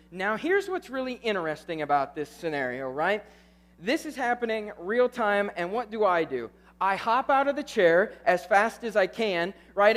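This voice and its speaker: A young man, a youth pastor telling a story in a sermon, animated, tagging lines with "right?". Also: high voice. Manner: animated, keeps asking "right?".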